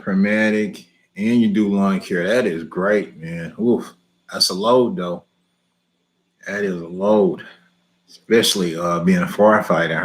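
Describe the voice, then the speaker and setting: A man hosting a live lawn care question and answer stream, chatting easily, chuckling often and repeating himself. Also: lowish voice.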